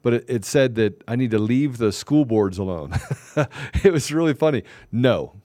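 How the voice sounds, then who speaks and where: A man's voice: medium pitch, lively intonation, moderate pace, warm tone, no room sound, clean studio sound. A man hosting a talk show, talking in a heated, emphatic ranting way. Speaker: show host. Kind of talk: casual political talk show chat.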